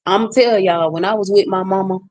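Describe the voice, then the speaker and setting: A woman's voice: mid-range voice, fairly even intonation, a little fast, a little mellow. A woman vlogger in a casual ranting monologue to her viewers, blunt and outspoken.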